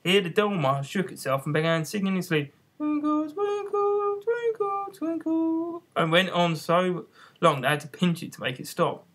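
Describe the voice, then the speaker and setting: A narrator reading a children's classic aloud in plain, halting storytelling, in an amateur audiobook. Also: mid-range voice, a bit bright.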